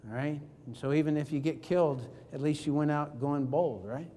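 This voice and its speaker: A man's voice: on the high side, moderate pace. A man giving a keynote as a motivational speaker, telling stories and acting out the dialogue in them. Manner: animated, acts out dialogue in his stories. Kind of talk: storytelling keynote speech. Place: large event hall on stage. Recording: long reverb of a large hall.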